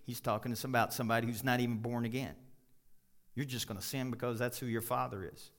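Animated preacher man, bright voice. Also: quick pace. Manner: animated preaching with sudden loud high bursts and drops; folksy, jokes with the congregation. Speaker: pastor. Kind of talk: sermon.

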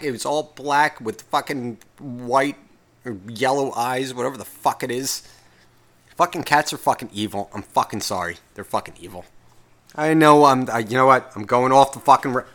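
A man ranting alone into a podcast mic, swearing freely and doubling back on himself as he talks. His voice sits at an ordinary middle pitch. The talk is loose and unscripted, full of restarts and asides. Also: moderate pace, pushed and bright. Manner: profane, rambling, self-interrupting. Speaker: podcast host. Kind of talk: casual solo podcast rant.

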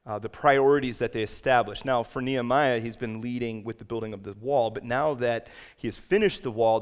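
A pastor preaches to his church in a mid-range male voice. He talks plainly through the passage, then pushes up in pitch and volume whenever he reads a verse or drives a point home. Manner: rises to loud emphatic peaks when reading scripture and quotes. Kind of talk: sermon. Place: church sanctuary.

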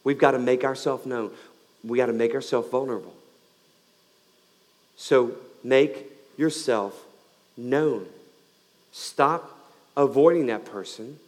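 A man's voice: medium pitch, big-room sound. Man preaching with dramatic swings. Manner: dynamic preaching, swinging between loud emphasis and quiet, slowed lines. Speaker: pastor. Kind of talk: sermon.

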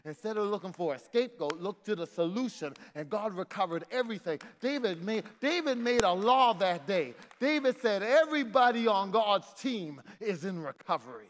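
A middle-aged preacher in a church sanctuary calls out to his congregation in rhythmic call-and-response, circling back to refrains. His high, animated voice runs at normal speed with hardly any pauses, over slight background noise and the long reverb of a church hall.

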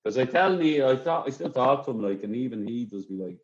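A man's voice: medium pitch, lively intonation, fairly quick, lo-fi sound. A man with an Irish accent, a former footballer chatting and telling stories as a podcast guest. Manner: chatty, laughing storyteller. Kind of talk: casual chat, anecdote.

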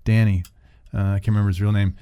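A man co-hosting a podcast in casual chat, dropping wry deadpan asides and rambling into rants. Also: lowish voice, quick pace, clear, resonant tone, dry recording. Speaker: podcast co-host.

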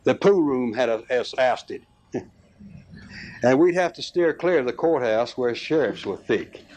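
Slow, unhurried male storyteller. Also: medium pitch, animated, darkish tone, highs cut off. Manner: slow, unhurried reading with small restarts and fillers. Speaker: narrator. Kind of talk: storytelling reading of a rural tale.

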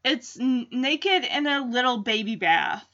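A woman's voice: fairly high pitch, lively intonation, unhurried, bright, forceful tone, dull audio. A woman casually recapping a sitcom episode, chatty and amused. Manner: chatty, amused, acts out quotes. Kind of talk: casual reaction chat.

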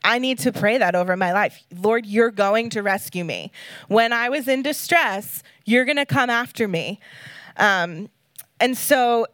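A woman's voice: on the high side, expressive, a little slow, fairly bright tone, no echo. A woman guest speaker giving an earnest, emotional sermon, reading scripture and talking casually with fillers.

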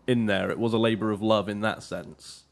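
Measured man in casual podcast chat. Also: lowish voice, steady tone, creaky. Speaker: podcast co-host. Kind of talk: casual chat about games.

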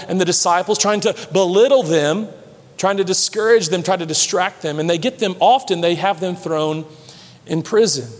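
High-voiced pastor preaching in a reverberant hall. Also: male voice. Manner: animated preaching, drops low and slow for emphasis. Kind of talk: sermon. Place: large church hall.

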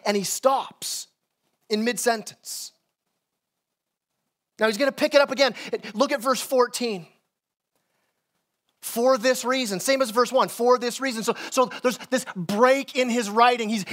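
A man's voice: sits high, a bit bright. A man pastor preaching a sermon in a church, earnest and conversational, often repeating words as he starts a phrase.

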